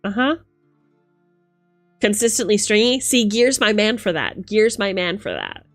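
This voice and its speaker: A young woman streamer chatting casually with her viewers, animated, laughing and swearing freely. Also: medium pitch, unhurried, faint music behind. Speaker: livestreamer.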